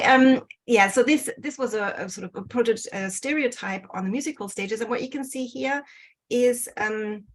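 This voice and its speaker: A woman presenting research in an online lecture over a video call, pausing often with ums and correcting herself. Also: on the high side. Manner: hesitant, many ums and self-corrections. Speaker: guest speaker presenting research.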